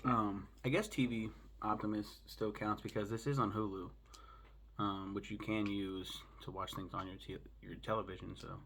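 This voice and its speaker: Fast, foul-mouthed man rambling at home. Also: lowish voice, fairly even intonation, fairly bright tone, a little hiss or hum. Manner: profane, rambling, fast-talking. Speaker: host reviewing a show. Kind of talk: casual solo review monologue.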